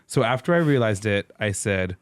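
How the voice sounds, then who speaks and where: A shy, romantic young Italian man recalls falling in love, read aloud by a man in his own voice. The voice sits fairly low. It is dry and close, with no room sound. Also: animated, moderate pace, clear, resonant tone, dry recording, natural voice. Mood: wistful.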